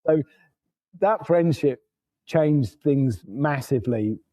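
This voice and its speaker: An English man, a motorcycle traveler guesting on a podcast, tells road stories in a loose, rambling way, laughing and swearing along the way. His voice is a little high and dark in tone, animated but slow-paced. The audio quality is poor.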